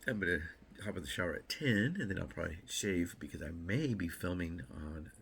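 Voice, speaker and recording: Deep gravelly man, rambling vlog chat. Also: lively intonation, a little fast, fairly bright tone. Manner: rambling, chatty, self-interrupting with repeats and fillers; joking asides. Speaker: vlogger. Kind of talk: casual morning vlog chat.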